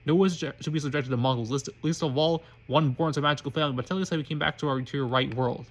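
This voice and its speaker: A man reading an indignant, pompous eleven-year-old boy aloud from a fan story, quick and stumbling at times. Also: on the high side, fairly even intonation. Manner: quick reading with frequent slips and restarts.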